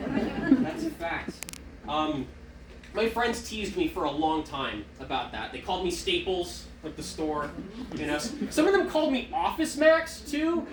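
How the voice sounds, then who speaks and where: A man's voice: high voice, reverberant, far from the mic, noisy background. A young man performing a self-deprecating stand-up comedy set on a small theater stage. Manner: animated, self-deprecating storytelling.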